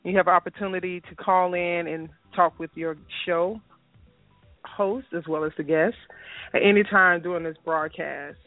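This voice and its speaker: A man reading a slow, measured opening announcement for a live internet radio show. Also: high-pitched, fairly even intonation, no echo, soft background music. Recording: phone-line quality, dry.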